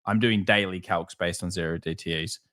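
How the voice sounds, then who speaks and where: Brisk man giving live market commentary. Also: low voice, fairly even intonation, a bit bright. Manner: brisk, candid, quick asides to chat. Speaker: market analyst streamer. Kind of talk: live market commentary reading viewer chat.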